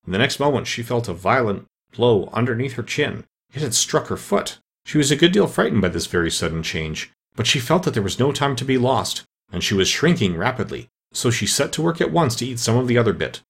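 A man narrating a storybook in a lively, expressive reading voice. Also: mid-range voice, brisk.

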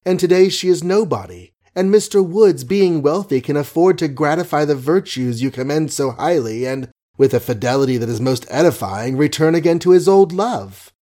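A man reading an audiobook, voicing a cynical gentleman poseur who speaks in an ironic, lofty, theatrical manner. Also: a little high, expressive, moderate pace, hardly any pauses, voice pushed up, close to an everyday voice. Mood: mocking.

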